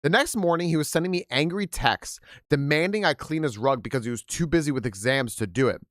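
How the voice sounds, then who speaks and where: A man's voice: fairly high pitch, fairly quick, no room sound, studio quality. A male game streamer chatting casually and reading stories aloud to his viewers, candid and profane, with laughing asides.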